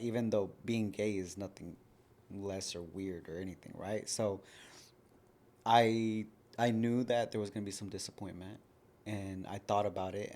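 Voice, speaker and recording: A man in his thirties, a podcast guest telling his own story frankly in a casual, conversational way. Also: on the low side. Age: 30s. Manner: frank, conversational, lots of "like" fillers. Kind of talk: candid personal storytelling.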